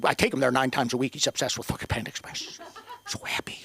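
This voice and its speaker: A man's voice: medium pitch, very animated, quick pace, gravelly, fairly bright tone. A man doing a profane, self-deprecating stand-up set on a comedy club stage.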